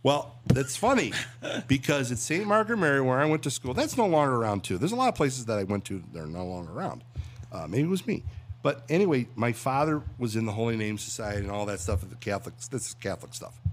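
Guest: veteran radio voice, animated storyteller, pitch swinging all over. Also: male voice, quick pace, slight background noise. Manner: animated, tells jokes with acted voices. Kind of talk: casual chat and joke-telling.

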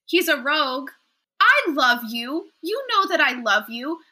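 Playful bright-voiced woman player. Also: high-pitched, sing-song, measured pace. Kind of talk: casual tabletop play.

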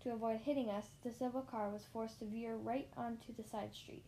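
A woman narrating a children's story in the first person, lively, with small slips and restarts. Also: on the high side, brisk, slight background noise. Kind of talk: reading a children's story aloud.

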